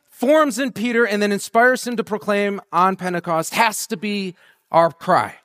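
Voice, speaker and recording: Male preacher, high-pitched, casual joking delivery that swells into passionate prayer. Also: expressive, moderate pace, fairly bright tone. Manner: conversational and humorous, building to a rousing fervent prayer. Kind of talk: sermon.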